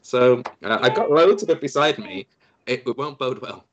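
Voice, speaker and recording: A man hosting a casual podcast chat, jokey and quick to laugh. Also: medium pitch, animated, muffled recording. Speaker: podcast host.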